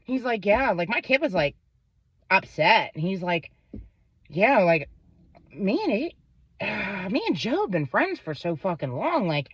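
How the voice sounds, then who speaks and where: A woman's voice: mid-range voice, big pitch swings, unhurried, long pauses, a bit bright, slightly rough, dry recording, muffled recording. A woman telling an angry story about her son and a neighbor, swearing freely and acting out what each person said. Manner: profane, heated, quotes others in voices.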